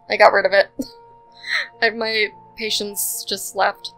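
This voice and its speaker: A young woman with a medium-pitched, fairly even voice talks briskly in a bright, forceful tone, rambling casually through voice-over commentary on a Sims speed build. She's chatty and full of fillers like "um" and "like," with soft music playing underneath a poor-quality recording.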